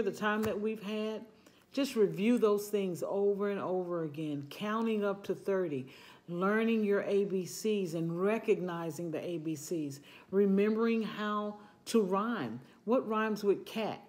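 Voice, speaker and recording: Slow, gentle woman preschool teacher. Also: medium pitch. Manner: gentle, encouraging, unhurried. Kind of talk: farewell talk to a preschool class.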